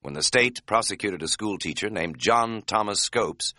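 A man narrating an audiobook in a wry, deadpan way. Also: lowish voice, moderate pace, no echo, studio quality.

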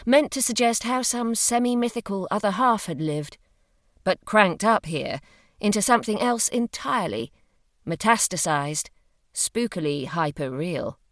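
Expressive woman narrator, lively intonation. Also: mid-range voice, measured pace, no echo, studio quality. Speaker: audiobook narrator. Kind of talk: scripted narration of a novel.

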